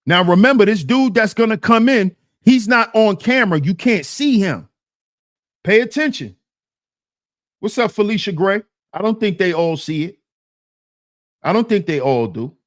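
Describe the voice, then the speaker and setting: A man's voice: high-pitched, lively intonation, moderate pace, long pauses, a bit bright, no room sound, studio quality. A man giving emphatic, repetitive reaction commentary on a clip, speaking to his chat.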